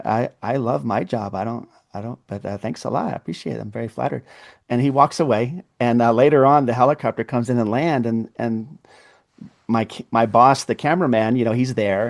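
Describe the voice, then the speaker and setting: A man's voice: mid-range voice, gravelly, darkish tone. A man who is a podcast guest, telling a long story in casual conversation. He laughs often and acts out the dialogue of the people in it.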